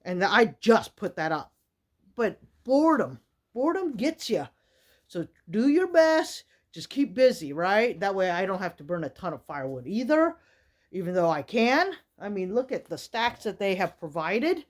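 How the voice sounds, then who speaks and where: A woman's voice: medium pitch, big pitch swings, normal speed. A woman, vlogging in a casual, rambling way with many fillers from a small wooden shack in the winter woods. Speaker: outdoor vlogger. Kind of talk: casual chat to camera.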